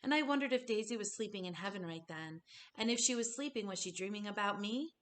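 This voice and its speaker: Woman, actor, storybook read-aloud, gentle, expressive, mid pitch. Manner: gentle, expressive, slowing on tender moments. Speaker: actor reading a children's book aloud.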